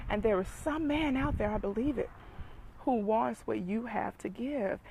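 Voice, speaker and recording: Gravelly-voiced woman coach. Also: on the high side, normal speed, dark tone, slight background noise, low-quality recording. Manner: emphatic, preachy, repeats for emphasis. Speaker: dating coach and speaker. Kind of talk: motivational talk.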